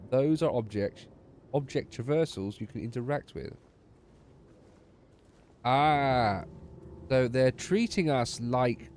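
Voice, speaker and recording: Tired streamer, mid pitch, sardonic running commentary, slight background noise. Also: male voice, big pitch swings, slow pace, darkish tone. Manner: wry, sardonic asides. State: tired and yawning. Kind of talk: gameplay commentary.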